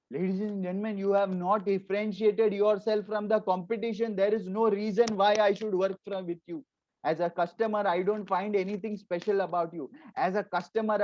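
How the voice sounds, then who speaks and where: An Indian English-accented man coaches salespeople in a punchy, repetitive way, hammering his points home. His voice sits high for a man. The sound is dull and dry, with no room around it. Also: darkish tone, dry recording. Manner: emphatic and repetitive, acts out salesmen's pitches with switches into Hindi. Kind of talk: motivational sales training talk.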